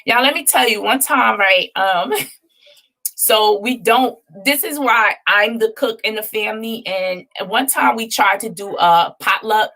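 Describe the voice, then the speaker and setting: Gravelly-voiced woman telling a story. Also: mid-range voice. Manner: chatty and animated, laughing often, dishing playful shade. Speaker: vlog host. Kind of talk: casual storytelling to viewers.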